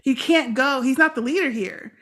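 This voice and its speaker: A woman's voice: high-pitched, normal speed, fairly bright tone. A woman hosting a casual fan podcast, chatting animatedly and acting out characters' lines. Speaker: podcast host.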